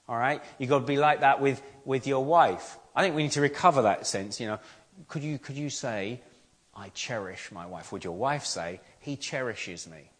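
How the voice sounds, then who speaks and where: Man, pastor, conversational sermon, earnest, rhetorical questions, mid-pitched voice.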